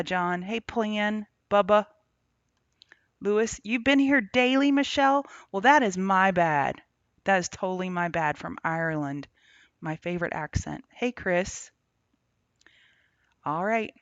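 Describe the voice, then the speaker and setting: A woman's voice: mid-range voice, slow, pauses often, dry recording. Chatty woman hosting a trading livestream. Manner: chatty, greets chat viewers by name. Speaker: trading show host. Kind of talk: casual livestream market commentary. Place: on the road, remote setup. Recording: dull lo-fi, dry sound.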